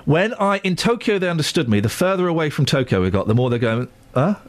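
A man's voice: a little high, big pitch swings, fast talker, no room sound. A man presenting a morning radio show, full of playful, jokey banter. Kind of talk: casual breakfast radio chat. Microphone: studio microphone.

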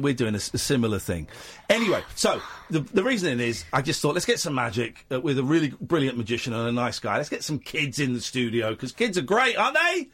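A man's voice: mid-range voice, husky. A man hosting a late-night talk radio show, chatting with guests in a playful, teasing way and telling stories with lots of energy. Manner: playful, teasing, animated storytelling. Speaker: radio host.

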